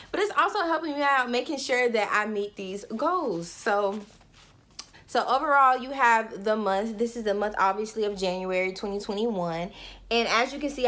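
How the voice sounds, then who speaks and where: A woman's voice: medium pitch, a bit bright. A young woman talking casually and animatedly straight to her viewers in a goal-setting vlog. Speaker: vlogger.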